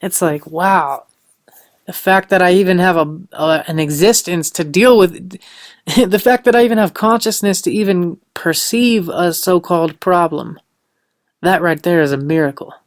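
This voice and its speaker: Young male podcast host, earnest motivational talker, loose and rambling, smooth clear tone, dry recording. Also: sits high, moderate pace, no echo. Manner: loose and rambling, with lots of "like" and "you know"; earnest, upbeat and preachy.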